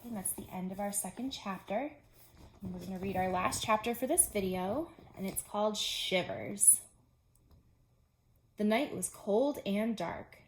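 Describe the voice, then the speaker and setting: A pre-K teacher reads a chapter book aloud to young children. Her reading is clear and gently paced. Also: mid-range voice, unhurried, roomy sound, slight background noise.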